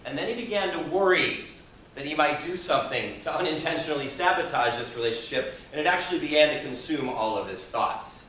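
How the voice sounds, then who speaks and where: A man giving a motivational speech to a live audience in a meeting room, expressive and asking the audience questions. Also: a little high, fairly quick, a little hiss or hum. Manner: expressive, acts out quoted people, audience questions. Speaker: Toastmasters speaker. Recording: echoey room from far off.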